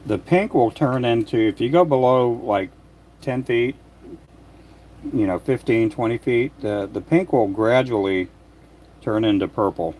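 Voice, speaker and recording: Low-voiced older man chatting while working. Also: a little hiss or hum. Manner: soft-spoken, rambling, with frequent restarts. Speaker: lure maker livestreaming. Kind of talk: casual livestream chat while working. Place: his workshop.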